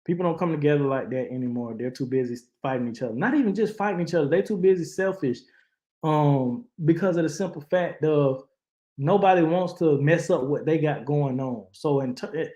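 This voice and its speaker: A man's voice: fairly high pitch, fairly quick, mellow, echoey room. Impassioned man ranting on a livestream. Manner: impassioned, preachy, many restarts. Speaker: channel host reacting to news. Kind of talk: casual commentary, live-stream style.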